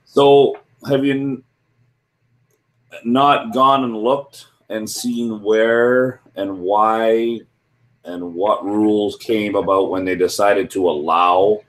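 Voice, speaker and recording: A man in casual chat, asking questions and telling teasing work stories. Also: sits low. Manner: teasing, storytelling.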